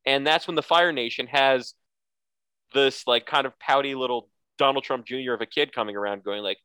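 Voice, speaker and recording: A man's voice: medium pitch, brisk, pushed and bright, smooth, dry recording. A man co-hosting a casual podcast, recapping a cartoon episode and breaking into silly character voices. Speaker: podcast co-host.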